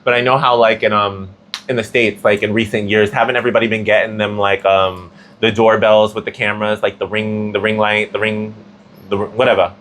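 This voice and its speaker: A man's voice: lowish voice, little pitch movement, brisk, fairly bright tone, a little hiss or hum. Chatty slangy man giving a tarot reading. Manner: chatty, slangy, full of "like" fillers. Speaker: tarot reader. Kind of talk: casual tarot reading monologue.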